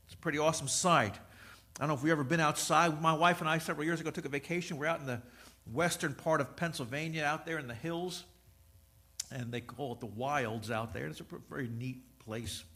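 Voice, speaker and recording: High-voiced man preaching a sermon. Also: fairly quick. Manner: storytelling, swings from loud preaching to soft asides. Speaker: pastor.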